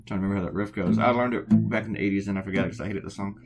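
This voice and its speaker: This middle-aged American man has a fairly low voice with fairly even intonation, and he talks rapid-fire over loud music. Sketching a cartoon, he keeps up a casual, rambling chat full of sarcastic remarks.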